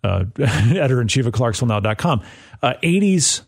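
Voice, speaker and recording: Animated, laughing male podcast co-host. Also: mid-range voice, fairly quick, vocal fry. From northern United States. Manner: animated storyteller, laughs often, self-mocking. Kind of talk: casual chat.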